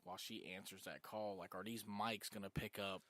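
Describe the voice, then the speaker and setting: A man co-hosting a talk show, teasing and crude, with a slow drawl, on a studio mic and headphones. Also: fairly low pitch, little pitch movement, crowd noise. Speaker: co-host. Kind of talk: casual talk-show banter.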